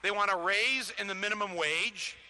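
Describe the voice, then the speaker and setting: A man's voice: high-pitched, moderate pace, sharp tone, some chatter behind, slight background noise. A man giving a live talk to an audience through a stage microphone, chatty and joking, with many restarts and small chuckles between points. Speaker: touring speaker addressing a live audience. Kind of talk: live political talk with comic asides. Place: public lecture venue before an audience. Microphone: amplified stage microphone.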